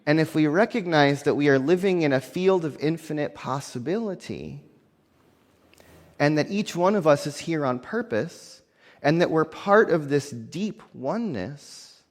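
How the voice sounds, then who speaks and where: A man's voice: on the high side, expressive, a little slow. Earnest male minister in a reverberant hall. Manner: earnest, repeats phrases for emphasis. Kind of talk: sermon.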